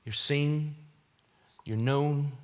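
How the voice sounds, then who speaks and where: A pastor preaching a sermon in an earnest, emphatic way, repeating key phrases for weight. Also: male voice, a little high, fairly even intonation, drawn-out words, smooth.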